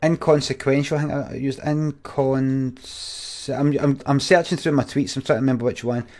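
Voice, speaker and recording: A man's voice: mid-range voice, steady tone, moderate pace, a little mellow. A Scottish man in his forties, rambling and swearing as he tells a story to his viewers on a stream.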